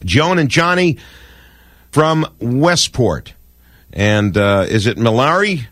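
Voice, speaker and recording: A man's voice: medium pitch, big pitch swings, takes it slowly, a bit bright, dry recording. An older man hosting a radio show, talking in an effusive, sentimental, rambling way from a studio microphone. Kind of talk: warm casual radio talk.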